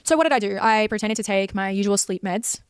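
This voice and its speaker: A woman's voice: medium pitch, fast, clear, resonant tone, no echo. A young woman giving an intense, emotional personal account with heavy swearing. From Australia. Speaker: creator telling her story in a clip.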